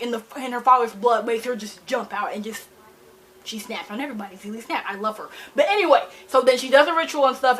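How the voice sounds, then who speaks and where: A young woman from Michigan with a slightly high voice retells a fantasy plot in a loose, excited ramble. She is a book vlogger talking straight into her camera's mic, full of fillers and dramatic asides. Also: slight background noise. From Michigan, USA. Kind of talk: casual book review ramble.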